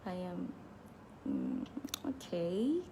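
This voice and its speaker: A woman's voice: on the low side, wildly swooping pitch, extremely slow, noisy background. A woman with a Cameroonian accent, a musician chatting casually through fan questions, laughing easily and restarting her sentences. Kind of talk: casual live Q&A chat.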